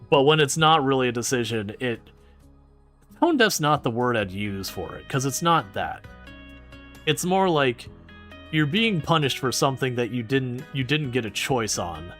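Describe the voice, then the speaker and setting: A man streaming a game and chatting with viewers in a rambling, animated way, often restarting his sentences. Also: mid-range voice, measured pace, pauses often, faint music behind. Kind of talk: casual gameplay commentary answering chat.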